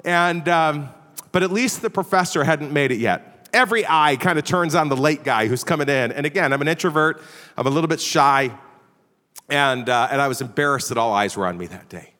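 A man's voice: fairly high pitch, lively intonation, fairly quick, sharp tone. A middle-aged man from the Chicago area preaching a sermon, telling stories in a conversational, self-deprecating way. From Chicago area, USA. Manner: self-deprecating, conversational, often adds "all right?". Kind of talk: storytelling sermon. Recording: long reverb of a big hall.

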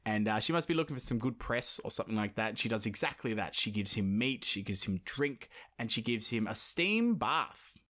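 A man's voice: lowish voice, expressive, normal speed, hardly any pauses, sharp tone. A man hosting a podcast, retelling a folk tale in casual chat with rambling, jokey asides. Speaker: podcast host, storyteller.

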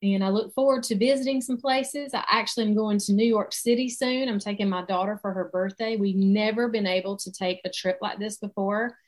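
A woman's voice: mid-range voice, steady tone, brisk, hardly any pauses. Southern woman, chatty coaching talk. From South Carolina, US. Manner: casual, chatty, faith-centered, uses "like" and "y'all". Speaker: alcohol-free coach. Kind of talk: online coaching session.

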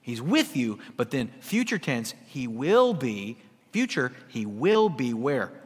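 A man preaching a sermon as pastor, swinging between hushed asides and loud emphatic lines, with humor. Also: medium pitch, sing-song, slow, husky. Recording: long reverb of a large hall.

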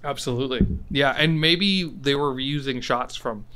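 A male podcast co-host talks in a casual, excited way. He swears freely and laughs between points. His voice sits mid-range and sounds bright and forceful. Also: medium pitch, moderate pace, smooth. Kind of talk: casual chat.

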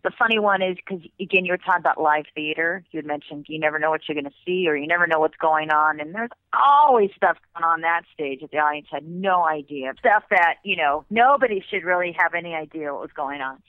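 A woman and former theme park performer, telling stories in a casual, animated way as an interview guest. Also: low-pitched, brisk, few pauses, no echo. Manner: animated, with bursts of laughter. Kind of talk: casual storytelling. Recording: tinny phone line.

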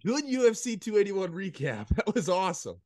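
A man's voice: sits high, sing-song, fairly quick, a crowd in the background. A man hosting a podcast in casual chat, telling stories animatedly and mimicking people in a raised voice. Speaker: podcast host.

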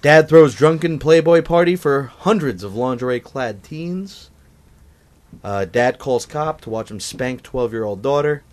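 A man's voice: mid-range voice, lively intonation, unhurried, a little mellow. A man hosting a comedy podcast, chatting loosely and crudely with his co-hosts. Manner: loose, profane, laughing. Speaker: podcast host.

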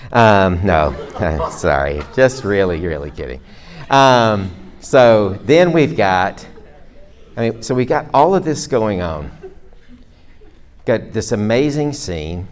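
A middle-aged man delivers a sermon in a loose, conversational manner, talking straight to his congregation. His voice sits a little low. He drops in self-deprecating jokes and asides as he goes. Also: lively intonation, takes it slowly. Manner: speaks to a live congregation. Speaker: preacher.

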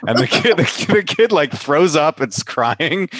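Despite a sinus infection leaving him run down, this podcast host, a pharmacist by trade, chats casually, laughs, and keeps tossing in "right?" His mid-range voice is animated and fairly bright at a moderate pace, with no echo.

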